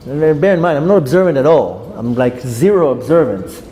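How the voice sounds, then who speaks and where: Male rabbi, lively storyteller, mellow and fairly high-pitched, recorded in an echoing hall with faint noise. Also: brisk. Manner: lively anecdotes, acts out dialogue. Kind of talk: storytelling Torah lecture.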